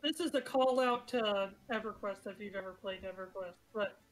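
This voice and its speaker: A woman's voice: mid-range voice, moderate pace, noisy background. A woman narrating as game master, chatty and prone to laughing. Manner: giggly, chatty narration with fillers. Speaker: dungeon master.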